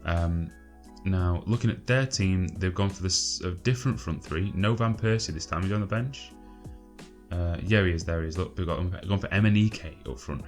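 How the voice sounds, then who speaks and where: A low-voiced man talks through his game in a loose, chatty way. He sounds exasperated, swears freely and fills gaps with ums. Faint music plays underneath. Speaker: gaming channel host. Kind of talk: casual gameplay commentary.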